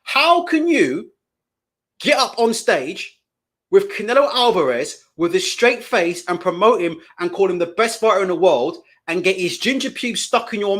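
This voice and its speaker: A man's voice: high-pitched, fairly bright tone. A man hosting live boxing commentary, ranting indignantly and profanely, hammering the same questions again and again.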